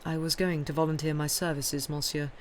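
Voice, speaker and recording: A woman voicing a calm, devout male priest with an Italian accent, speaking in a measured, earnest way. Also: low-pitched, slight background noise, lightly acted. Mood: solemn.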